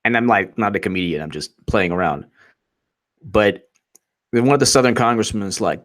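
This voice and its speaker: A man's voice: lowish voice, brisk, a bit bright. A man giving rambling, sarcastic political commentary on a livestream, often mocking quotes in put-on voices.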